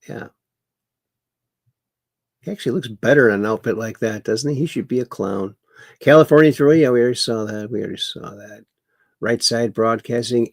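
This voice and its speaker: A man's voice: medium pitch, normal speed, pauses often, no echo, studio quality. A man hosting a livestream, reading viewer chat aloud and mocking the news with chuckles. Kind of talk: casual political commentary livestream. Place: home in Wisconsin.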